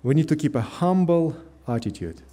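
A middle-aged pastor delivers a sermon, his voice rising and falling in lively swings. His tone is dark and mellow, and he leans earnestly on slow, stressed phrases. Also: on the high side. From Russia.

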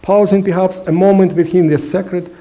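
Preaching a sermon in English, which is not his first language, a pastor speaks earnestly and emphatically, pausing often with small hesitations. His voice sits a little high for a man, mellow and soft, with a steady tone.

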